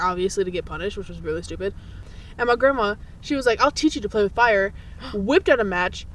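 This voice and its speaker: Lively young woman telling stories. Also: medium pitch. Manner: laughs often, swears freely. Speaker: podcast host. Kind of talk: casual chat, storytelling.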